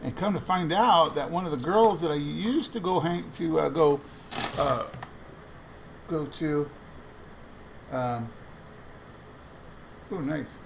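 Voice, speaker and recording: A man's voice: a little high, slow, vocal fry, long pauses, noisy background. A man casually telling a rambling anecdote while sorting coins, quoting other people's lines as he goes. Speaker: coin roll hunting vlogger. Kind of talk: casual storytelling while searching coin rolls.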